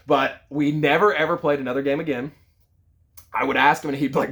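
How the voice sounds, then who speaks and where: Man, thirties, mid-pitched, casual storyteller, lively and conversational. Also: fast talker, gravelly. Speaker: sales leader.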